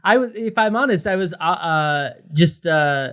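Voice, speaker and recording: A man's voice: on the high side, expressive, moderate pace, fairly bright tone. A man co-hosting a beer podcast, talking casually with lots of fillers and restarts. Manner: rambling, many fillers and restarts. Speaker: podcast co-host. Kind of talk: casual beer review chat.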